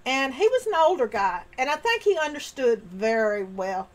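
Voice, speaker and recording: A woman telling a story from her own life in an animated, expressive way, acting out the remembered dialogue. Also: sits high, normal speed. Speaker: storyteller sharing personal experience. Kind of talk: personal storytelling monologue.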